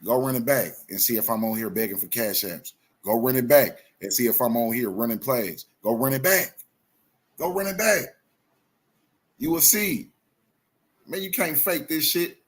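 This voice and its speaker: A man rants through heated, profane commentary on his own live show. He circles back to the same phrases over and over with raw passion. His voice sits at an ordinary middle pitch. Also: moderate pace, husky. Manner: profane, repetitive, impassioned ranting. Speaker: host of a live online show.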